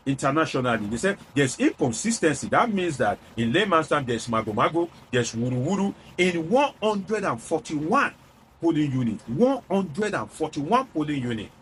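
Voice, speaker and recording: A man's voice: on the high side, fairly bright tone, a little hiss or hum. A man with a Nigerian accent delivering political analysis to viewers, explaining point by point and repeating key figures for emphasis. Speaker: political commentator.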